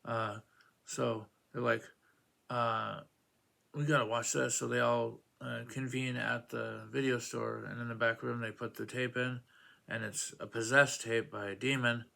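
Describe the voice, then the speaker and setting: A man's voice: mid-range voice, flat delivery, unhurried, vocal fry, sharp tone. A man casually reviewing comic books, rambling with many fillers and acting out quoted lines in a raised voice.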